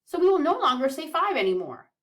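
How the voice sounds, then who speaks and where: A woman's voice: high voice, very animated, fast, fairly bright tone, far from the mic. A woman teaching a children's music lesson, counting beats aloud in an upbeat, encouraging way.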